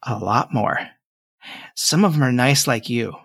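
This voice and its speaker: A man's voice: mid-range voice, expressive, measured pace, gravelly, a bit bright, slightly rough, no room sound, clean studio sound, heavily acted. A man voicing a nervous, earnest boy of about ten in a tabletop game, talking in a solemn, chatty, hesitant way. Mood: worried.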